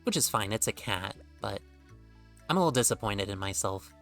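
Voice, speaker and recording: A man's voice: on the low side, lively intonation, a little fast, a bit bright, faint music behind. A man streaming a game, chatting casually, rambling and joking with offhand swearing. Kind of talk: casual gameplay commentary.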